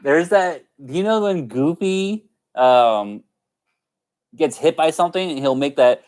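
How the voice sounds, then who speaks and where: A man's voice: fairly high pitch, lively intonation, unhurried, darkish tone. Giggly man chatting on a live stream. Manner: giggly, keeps breaking into laughter; playful, chatty with viewers. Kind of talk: casual live-stream chat.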